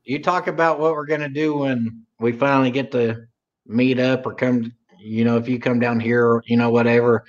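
A man's voice: mid-range voice, fairly even intonation, moderate pace, dull audio. A man from Oklahoma co-hosting a livestream, chatting casually in a rambling, drawling way. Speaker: livestream co-host. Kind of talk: casual chat.

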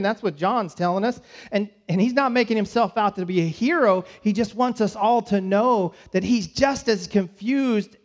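High-voiced pastor telling a story. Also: male voice. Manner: storytelling, voices the disciples' panic in quick asides. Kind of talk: sermon. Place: church.

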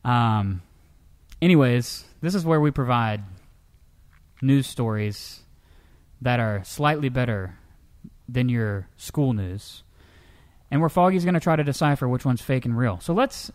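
A man co-hosting a comedic news-story show, telling tales in a lively, animated way. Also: moderate pace. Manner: lively storyteller, jumps into high pitch for characters. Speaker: co-host.

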